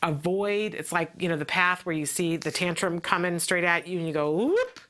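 A woman talks through parenting advice in a relaxed, teaching way, with a bright, clear tone that sits a little low. She tells her story with energy and briefly slips into the voices of the people in it. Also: brisk. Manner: expressive storytelling, acting out quotes. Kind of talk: casual teaching talk.

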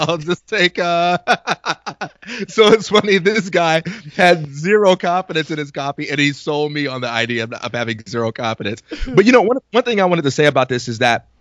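A man's voice: medium pitch, fairly bright tone, no room sound. A man co-hosting a podcast, chatting casually and telling stories, acting out quoted exchanges and laughing often. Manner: storytelling, acts out quoted exchanges. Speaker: podcast co-host.

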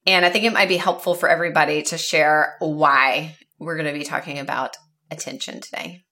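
A woman's voice: sits low, steady tone, fairly quick, bright, forceful tone. A woman hosting a productivity podcast, upbeat and encouraging in casual talk. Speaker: podcast host.

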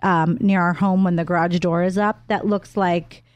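A woman's voice: fairly low pitch, steady tone, normal speed, a little mellow, smooth, dry recording, dull audio. A woman co-hosting a radio show, chatting casually and giving tips with a dry humor. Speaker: co-host.

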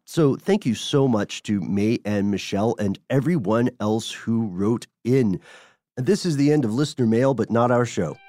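A man's voice: medium pitch, normal speed, no echo, studio quality. A man co-hosting a podcast, casually reading listener letters aloud and chatting, from the US South. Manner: relaxed, reads letters aloud with chuckles. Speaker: podcast co-host.

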